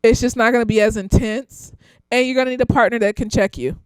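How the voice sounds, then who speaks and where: A young woman giving a casual, slightly tipsy review of a TV series as a therapist, laughing often, swearing freely and jumping into high excited squeals. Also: fast talker, clear, resonant tone, no room sound.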